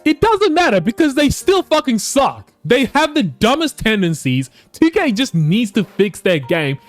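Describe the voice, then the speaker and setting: Young man, gaming commentary, high voice, very animated, swears a lot, faint music behind. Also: unhurried. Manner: frustrated, swearing, swings from mutters to shouts. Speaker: gaming YouTuber. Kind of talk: casual play-by-play commentary over a video game.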